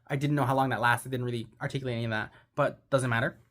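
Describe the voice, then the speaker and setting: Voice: medium pitch, steady tone, racing, fairly bright tone. Rambling, gushing young movie recapper. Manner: rambling, heavy use of "like"; gushing and sentimental. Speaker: movie reviewer.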